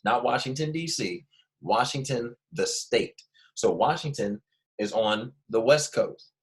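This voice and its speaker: A man's voice: medium pitch, expressive, measured pace. A young man teaches first graders with a slight Philadelphia accent. He speaks patiently and repeats the key words so small children can follow along. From Philadelphia family. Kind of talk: online classroom lesson.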